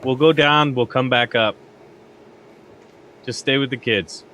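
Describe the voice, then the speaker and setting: Relaxed man explaining his game moves. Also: medium pitch, measured pace. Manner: relaxed, explains plans at length. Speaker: player. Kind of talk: casual chat at a game table.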